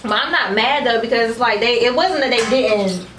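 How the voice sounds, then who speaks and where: A woman's voice: fairly high pitch, normal speed, fairly bright tone. A woman vlogging her family at home, chatting casually and playfully quizzing her relatives on camera. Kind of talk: casual chat. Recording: echoey room with background noise.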